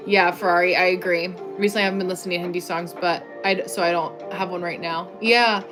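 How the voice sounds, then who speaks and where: She talks fast in a steady, low-leaning voice with music behind her. This young American livestream host reads comments from viewers through a clip-on mic and answers in a chatty style stuffed with "like."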